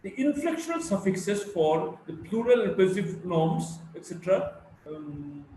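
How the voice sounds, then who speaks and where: A man with an Indian English accent giving a college phonetics lecture, slowly reading out word lists and repeating key points. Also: high voice, expressive, dark tone. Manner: slow and deliberate, repeating words for drill. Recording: echoey room, mic far off, faint hiss.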